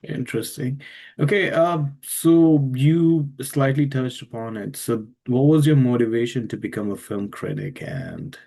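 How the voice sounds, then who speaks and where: A man's voice: mid-range voice, sing-song, a little slow, vocal fry, dark tone. A man hosting a podcast interview, speaking hesitantly with many fillers and encouraging his guest. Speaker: podcast host.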